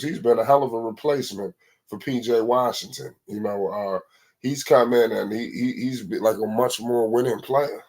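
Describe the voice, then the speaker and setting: A man hosting a basketball live stream in casual chat, rambling and profane, often repeating and restarting his words. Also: medium pitch.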